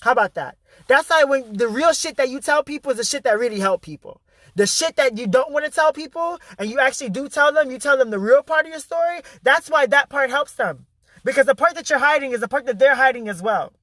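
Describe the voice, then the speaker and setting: A man's voice: extremely high pitch, expressive, fairly quick, pushed and bright, no room sound. A man giving an intense, emphatic motivational vlog monologue, swearing freely and repeating his key phrases for emphasis. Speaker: spiritual motivational speaker.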